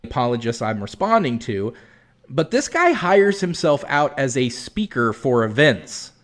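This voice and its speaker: A man's voice: medium pitch, big pitch swings, unhurried, a bit bright. A man hosting a commentary video, responding to a clip in a sarcastic, exasperated, lecturing way.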